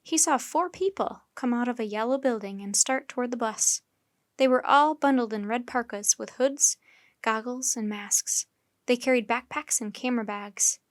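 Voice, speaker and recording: A woman storyteller reading a children's chapter book aloud in steady, clear narration. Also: a little high, normal speed, no room sound, studio quality.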